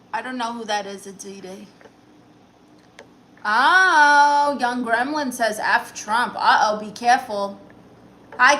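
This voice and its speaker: A woman with a Brooklyn accent, speaking in a forceful, bright and slightly high voice. She reads her chat out loud and talks back to it with brassy, teasing sass. A faint hum sits behind her. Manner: brassy, sassy, teasing banter. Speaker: comedian reading live chat comments. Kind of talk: live-stream chat in a sassy aunt persona.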